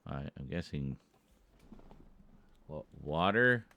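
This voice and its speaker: A very deep British man with an unhurried drawl chats playfully with his viewers. His pitch swings widely as he jokes and chuckles between remarks, a relaxed stream host with a British accent. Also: creaky, slight background noise. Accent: British English. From Britain. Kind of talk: casual chat with chat readers.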